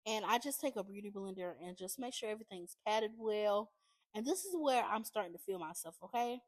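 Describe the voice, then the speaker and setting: A woman's voice: medium pitch, animated, brisk, no echo. A woman beauty vlogger talking casually through a makeup tutorial, chatty and constantly addressing her viewers as y'all.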